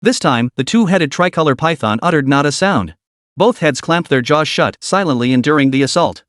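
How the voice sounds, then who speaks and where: A man's voice: a little high, lively intonation, moderate pace, fairly bright tone, no echo, clean studio sound. A man narrating a recap story in a dramatic, scripted style.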